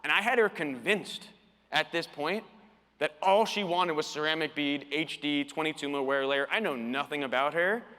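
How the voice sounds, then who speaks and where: A man giving a storytelling keynote talk at a conference, animated and acting out the quoted dialogue. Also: fairly high pitch, normal speed. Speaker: conference speaker. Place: conference hall. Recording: long reverb of a conference hall.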